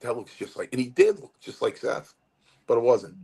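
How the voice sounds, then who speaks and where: A man's voice: medium pitch, normal speed, creaky, slightly rough. A man in his fifties, from Connecticut, telling a long wrestling-school story in an interview with many restarts. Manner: rambling, animated storytelling with restarts. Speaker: guest wrestler.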